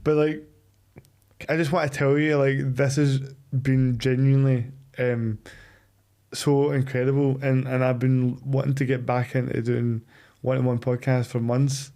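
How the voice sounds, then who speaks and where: Flat, mellow man hosting. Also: mid-range voice, measured pace. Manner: hesitant, repeats words. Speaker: podcast host. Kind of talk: heartfelt casual chat.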